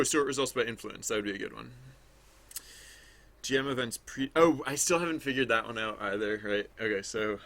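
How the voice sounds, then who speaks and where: A man talks his way through his game project on a casual livestream, thinking out loud and circling back on himself. His voice has a gravelly fry with a bright, forward edge, at a middle pitch. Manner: rambling, thinking aloud with many restarts. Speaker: game developer streaming his work. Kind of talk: casual livestream commentary while working.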